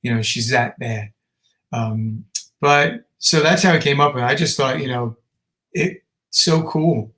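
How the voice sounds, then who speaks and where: A man chats as a musician guest in a casual interview. He tells his stories animatedly and in a rambling way, full of fillers and restarts, with a mid-pitched voice. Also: measured pace, fairly bright tone, low-quality recording.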